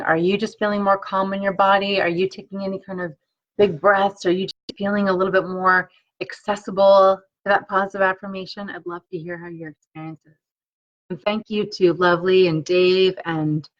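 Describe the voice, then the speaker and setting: A woman coaching energy tapping on a live stream, guiding slow repeated affirmations and chatting encouragingly with viewers. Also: on the low side, highs cut off. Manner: warm, encouraging chat with viewers.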